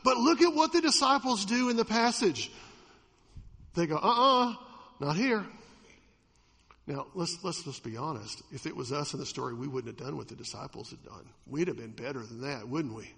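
A pastor preaching a sermon, swinging from loud emphatic peaks to quiet asides and asking his listeners questions. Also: on the high side, very animated, fairly quick, creaky, husky, long reverb tail. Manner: asks the audience questions.

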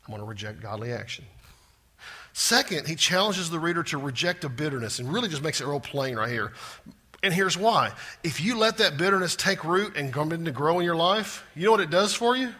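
A man preaching a sermon, swinging from loud repeated emphasis to hushed asides. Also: on the high side, animated, fairly quick. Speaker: pastor.

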